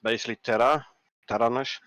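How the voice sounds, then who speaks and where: A man with a Dutch accent co-hosts a casual gaming livestream, reading update notes with an easygoing, hesitant delivery full of fillers. His voice sits at a middle pitch and is recorded close and dry, with no room around it. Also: brisk, dry recording. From Netherlands. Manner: relaxed, reads patch notes aloud with hesitant fillers. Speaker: livestream co-host.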